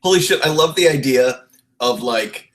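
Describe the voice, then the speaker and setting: A young man from the Baltimore area hosts a casual podcast chat. He talks loosely and laughs often. His restarts and swearing keep it easygoing, at an everyday mid-range pitch. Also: lively intonation, moderate pace, fairly bright tone. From Baltimore area, USA. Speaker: podcast host.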